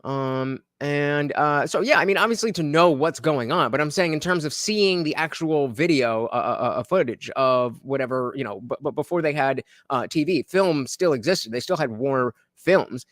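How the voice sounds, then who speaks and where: A man's voice: on the high side, animated, moderate pace, a bit bright, dry recording, studio quality. A man hosting a livestream, chatting casually to his viewers and reacting to a podcast clip, rambling with lots of fillers and restarts. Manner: chats directly to viewers.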